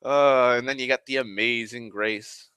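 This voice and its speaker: A man rambling casually on a live stream, excitable and sweary, sighing often. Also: mid-range voice, normal speed, smooth, dry recording. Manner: excitable, profane, sighs often.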